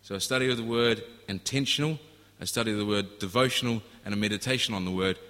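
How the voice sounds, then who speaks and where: A male pastor delivers a sermon in a low, bright voice, earnest and storytelling. His words ring with a long hall reverb. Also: fast. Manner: earnest, storytelling, with frequent restarts. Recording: echoey hall.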